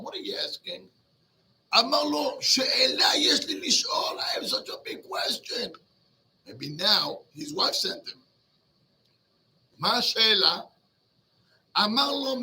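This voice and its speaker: A rabbi telling a Talmud story to a class, switching between Hebrew and English and acting out the characters. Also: sits high. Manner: lively, mixes Hebrew and English, acts out the characters. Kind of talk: animated storytelling lesson.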